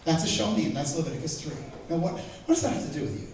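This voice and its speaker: A middle-aged man with a fairly high voice gives a lively, joking Bible lesson to a live audience, throwing out questions as he goes. He sounds far from the mic, in a very echoey hall with a faint hiss underneath. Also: fast. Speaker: Bible teacher.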